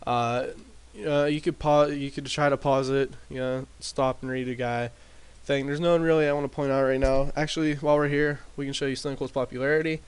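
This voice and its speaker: A man casually recapping his wrestling sim game in a rambling way, with lots of fillers and restarts, talking into a desk mic turned up loud. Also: mid-range voice, fairly even intonation, brisk, hardly any pauses, clear, resonant tone. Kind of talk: casual commentary over gameplay. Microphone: desk mic with boosted gain.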